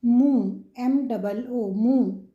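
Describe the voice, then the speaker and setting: A woman's voice: on the high side, slow pace, narrow, tinny audio. A woman with an Indian English accent hosting a children's lesson, naming animal sounds and spelling each word out letter by letter. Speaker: kids' channel host.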